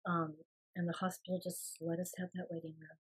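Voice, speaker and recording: This is an older woman speaking as a guest, with a low-set, husky voice. She talks in an earnest, soft way and often lets her words drop to a hushed near-whisper as she recalls events. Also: flat delivery, brisk. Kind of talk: emotional personal storytelling.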